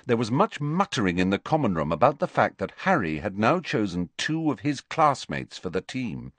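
A man narrating a novel with a lower voice and animated, expressive intonation. His storytelling is measured and clear. The recording is dry and close. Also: no echo. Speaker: audiobook narrator. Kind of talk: scripted narration.

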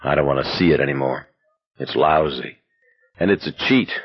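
A man's voice: rumbling low, normal speed, slightly rough, no echo, pitched below the performer's own voice. Casting note: a brooding, cynical young man, voiced by a male narrator, dry-sounding and slightly muffled. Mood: bitter.

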